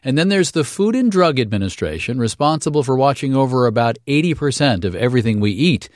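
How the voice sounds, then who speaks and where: A man anchoring a radio business news program, reading headlines briskly and chatting with a lightly wry touch. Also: mid-range voice, animated, a little mellow, dry recording, clean studio sound. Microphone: studio microphone.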